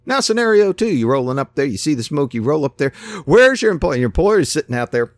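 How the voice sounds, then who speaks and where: A man's voice: a little high, sing-song, fast talker, no echo. A man preaching a casual, folksy sermon who acts out the voices in his stories.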